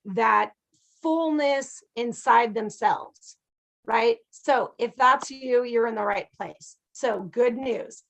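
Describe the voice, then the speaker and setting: A woman with a high voice gives casual teaching talk as an abundance teacher. She's chatty and animated, telling stories and often tossing in "right?"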